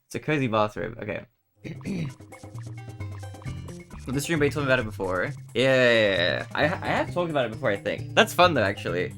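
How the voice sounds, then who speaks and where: A young man streaming from his bedroom, chatting to viewers in a lively, swooping voice and breaking into giggles between rambling stories. His pitch sits in the middle, and game music plays clearly behind him. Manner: giggly, rambling and animated, often laughing. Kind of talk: casual live-stream chat.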